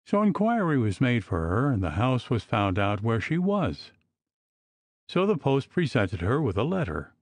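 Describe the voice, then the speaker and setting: Expressive male audiobook narrator. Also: mid-range voice, dry recording.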